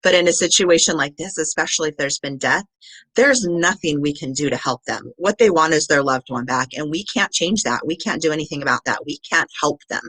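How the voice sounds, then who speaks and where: A woman with a bright, clear voice walks trainees through her method in an earnest, patient way. She talks casually and pauses often with small fillers. The sound is dry and close, with no room around it. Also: low voice, lively intonation, no echo. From Southern Nevada. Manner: earnest, explains step by step with many ums. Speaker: crisis support trainer. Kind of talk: live-streamed training presentation.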